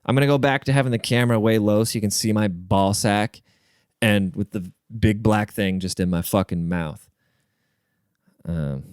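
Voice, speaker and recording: A man's voice: on the low side, clean tone, dry recording, clean studio sound. A man hosting his own podcast, rambling through a crude, profane solo rant with jokey asides. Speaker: podcast host.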